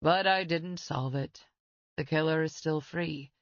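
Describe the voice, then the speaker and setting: A woman's voice: low-pitched, a little slow, dry recording, dull audio. A woman voicing an older retired male detective who speaks bluntly, with wry and stubborn pride, in an audiobook. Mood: gruff.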